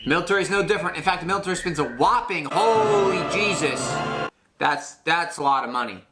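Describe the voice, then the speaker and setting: A young man hosting a comedy segment, sarcastic and excitable, swinging from loud to soft in a small studio. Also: a little high, very fast, over loud music. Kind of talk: comedic rant. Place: small studio with blue sheet backdrop.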